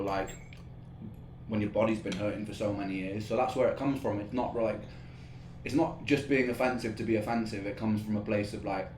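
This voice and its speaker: A man's voice: on the low side, a little mellow. A man hosting a live stream, chatting casually in a rambling, laughing way with plenty of swearing, and sweating from the heat. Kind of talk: casual chat. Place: indoor room, streaming setup. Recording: echoey room with faint ambient noise.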